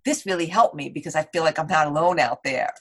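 Woman guest, lowish voice, animated and rambling, casual interview talk. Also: fast, husky. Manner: animated, rambling, heavy on "like" and "you know". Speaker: podcast guest.

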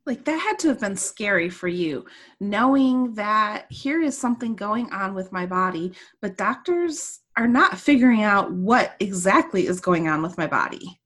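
Woman, podcast host, curious, asks probing questions, mid pitch. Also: lively intonation, moderate pace, a bit bright. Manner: curious, openly nosy questioner. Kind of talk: interview questions.

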